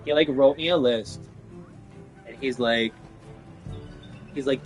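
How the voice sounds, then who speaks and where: A man's voice: mid-range voice, slow pace, soft background music. A man in a casual, profane rant about his workplace, exasperated and rambling, with lots of fillers. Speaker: vlogger venting about work.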